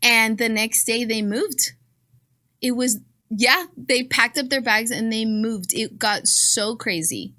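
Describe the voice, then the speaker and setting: A woman in her thirties with a Southern Californian accent, co-hosting a podcast and telling a story in a casual, animated way, often laughing. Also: a little high, takes it slowly. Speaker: podcast co-host.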